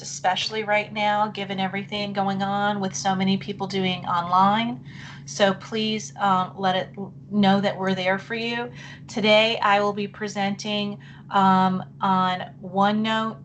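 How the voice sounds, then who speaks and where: A middle-aged woman presenting a live online session for teachers. She talks in a chatty, apologetic way and thinks aloud while clicking through. Her voice wavers and she keeps clearing her throat. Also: mid-range voice, fairly bright tone, slight background noise.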